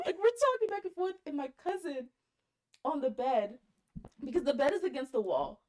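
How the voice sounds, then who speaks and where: A woman podcast co-host telling a story in casual chat, animated, laughing often and swearing casually. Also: sits high, brisk.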